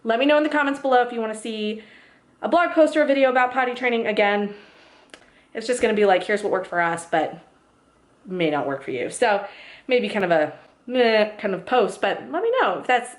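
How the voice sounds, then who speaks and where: A woman's voice: fairly high pitch, expressive, fairly quick. A young woman vlogging in casual chat, chatty, laughing often and putting on voices when she quotes people.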